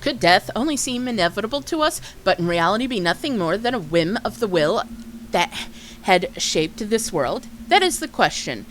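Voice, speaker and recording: A woman streamer voices an ambitious male doctor from a dark video game, dropping her pitch a little. The reading is measured and slightly halting, with a faint hiss behind it. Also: lively intonation, close to an everyday voice, poor audio. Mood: musing. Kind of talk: reading game dialogue aloud.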